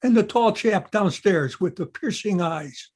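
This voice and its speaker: Man playing a gentleman traveler, well-spoken, skeptical, higher voice, radio drama. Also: animated, a little slow, slightly rough, full character voice. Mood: polite. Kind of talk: 1930s-style radio drama acting.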